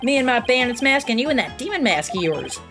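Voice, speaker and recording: A woman's voice: a little high, very animated, fast. A woman voicing a fussy male thief with a put-on Southern drawl, folksy and overdramatic, over game music. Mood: boastful. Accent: American Southern (put on).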